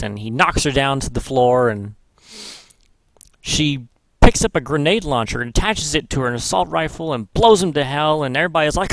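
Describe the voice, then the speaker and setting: A man's voice: mid-range voice, a bit bright, dry recording. A man vlogging in casual commentary, rambling and swearing, correcting himself as he goes. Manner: rambling, profane, self-correcting. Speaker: gaming vlogger.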